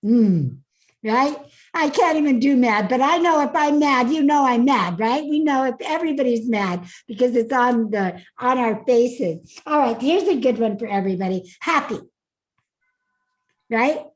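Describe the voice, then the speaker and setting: Woman, speaking coach, high voice, upbeat, laughing, video call masterclass. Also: expressive, a little slow, low-quality recording. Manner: upbeat, laughing, calls on attendees by name. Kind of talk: live online masterclass.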